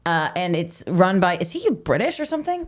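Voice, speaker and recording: A woman's voice: lowish voice, sing-song, fairly quick. A woman co-hosting a TV rewatch podcast, chatting casually with frequent giggles and playful teasing. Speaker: podcast co-host.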